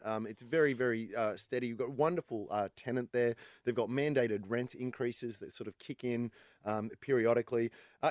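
An Australian man runs through company results in a relaxed, chatty way, with a little self-deprecation along the way. His voice sits at a middle pitch, recorded dry and close in a studio. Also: no echo. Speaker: investment adviser, co-host. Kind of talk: casual finance podcast banter.

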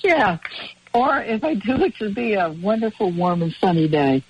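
Woman, radio co-host, casual rambling chat, husky voice, muffled dry broadcast sound. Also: mid-range voice, lively intonation, moderate pace, darkish tone. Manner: rambling, anecdotal storyteller.

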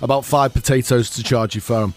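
A man's voice: mid-range voice, fairly even intonation, a little fast, faint music behind. Upbeat jokey male radio host. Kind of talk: breakfast radio chat.

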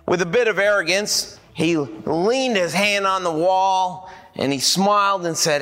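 A male pastor preaching a sermon to a congregation, telling a story with animated acted-out dialogue. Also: sits high, unhurried, hardly any pauses, faint music behind.

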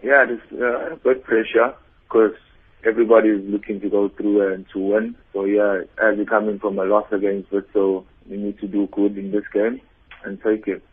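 Husky man on a phone line. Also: lowish voice, flat delivery, moderate pace. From South Africa. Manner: short, plain answers. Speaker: footballer interviewed by phone. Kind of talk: phone interview. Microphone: telephone.

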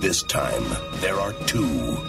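A booming trailer announcer. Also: male voice, animated, creaky, loud music behind the voice, full character voice. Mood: ominous. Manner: slow, dramatic announcing. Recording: film trailer clip with loud score and gunfire.

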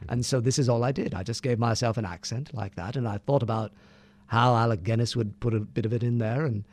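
A middle-aged man, a voice actor, telling lively anecdotes in a casual interview and acting out the quotes. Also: mid-range voice, brisk. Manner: animated anecdotes, acts out quotes. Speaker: voice actor guest.

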